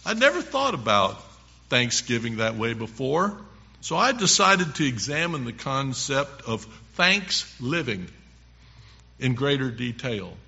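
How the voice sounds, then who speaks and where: Male preacher, sermon reading, bright voice, slightly high, emphatic delivery. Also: gravelly, muffled recording. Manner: slow, emphatic reading of verses.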